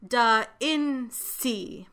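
A woman voicing a small girl who slowly sounds out new words, childlike and drawn out. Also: a little high, very animated, a little mellow, full character voice. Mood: careful.

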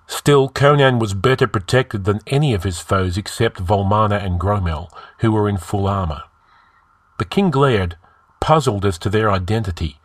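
A man reading a heroic fantasy story aloud in a measured, dramatic style. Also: on the low side, dry recording, studio quality. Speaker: story narrator.

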